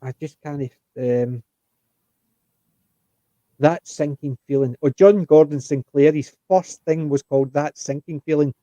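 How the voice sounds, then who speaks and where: A man explaining things in a rambling, animated way during a casual panel chat. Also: on the high side, unhurried, no room sound, highs cut off.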